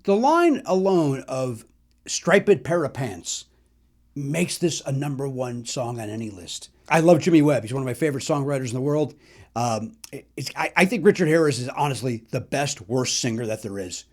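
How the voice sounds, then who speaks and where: A man's voice: mid-range voice, fairly quick. A middle-aged man from Chicago, a comedian hosting a podcast, telling joking stories about old records in a chatty, self-deprecating way. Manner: chatty, self-deprecating, sings snatches of songs. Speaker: podcast host.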